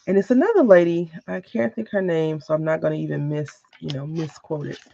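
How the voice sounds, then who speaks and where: A woman's voice: deep voice, brisk, gravelly, warm tone, dull audio, slight background noise. A woman hosting a casual crafting video, chatting with viewers in a rambling way and mimicking others. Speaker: crafting channel host. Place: home craft room.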